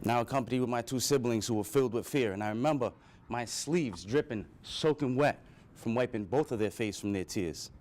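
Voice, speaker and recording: A man's voice: medium pitch, a little fast, few pauses, a little mellow, slight background noise. A man speaking to a live audience, telling his own childhood story with earnest emotion. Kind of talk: personal storytelling speech.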